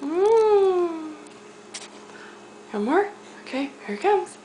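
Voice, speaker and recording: A woman's voice: very high voice, very animated, extremely slow, heavy background noise. A young woman cooing at her baby in sing-song baby talk while feeding him on a home video camera. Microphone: handheld camera mic.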